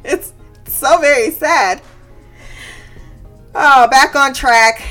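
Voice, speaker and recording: A woman's voice: high voice, drawn-out words, pushed and bright, soft background music. A woman hosting a podcast in a casual chat, recapping a TV episode. She laughs often, swears freely and goes off on tangents.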